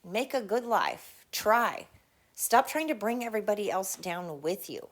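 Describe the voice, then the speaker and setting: A woman's voice: medium pitch, very animated, measured pace. A woman hosting her own podcast, delivering a heated, blunt, profane solo rant with emphatic repetition. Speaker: podcast host.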